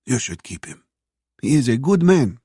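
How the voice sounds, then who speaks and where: A man voicing a kindly waitress in her late sixties, speaking high and soft with a Russian accent. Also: big pitch swings, moderate pace, slightly rough, no room sound, studio quality. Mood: fond. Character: kindly older woman diner waitress, motherly and warm.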